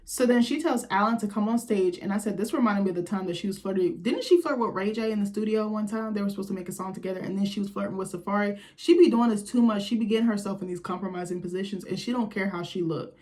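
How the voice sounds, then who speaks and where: A woman hosting a casual reality TV recap, gossiping bluntly and swearing freely, with frequent laughs and quick jumps up in pitch when she is amused. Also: darkish tone. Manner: blunt, profane, gossipy commentary with quoted reactions. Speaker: recap host.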